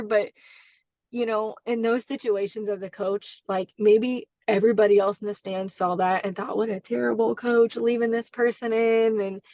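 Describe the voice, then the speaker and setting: A woman's voice: mid-range voice, no echo. A woman basketball coach, a podcast guest, telling a story in an earnest, heartfelt way, with many fillers and restarts. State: briefly emotional. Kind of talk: conversational interview storytelling.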